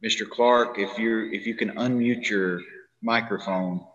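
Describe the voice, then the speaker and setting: A courteous man moderates a public meeting, calling on speakers in a lowish voice. The audio is dull and lo-fi. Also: fairly even intonation, a bit bright. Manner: polite, courteous, slightly halting. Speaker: meeting chair.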